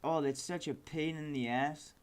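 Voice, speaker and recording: A man with a somewhat high voice talks to viewers of his livestream while building a game at his computer. He is exasperated, cursing and muttering at the software, and keyboard clicks sound behind him. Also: fairly even intonation, normal speed, clear, resonant tone. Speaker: game developer streamer. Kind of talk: frustrated livestream commentary.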